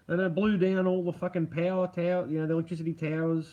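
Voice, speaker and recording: A man's voice: high voice, quick pace, few pauses, a little mellow. A man hosting a livestream, chatting casually to viewers, swearing freely and rambling with restarts. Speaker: livestream host reading chat. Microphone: computer mic.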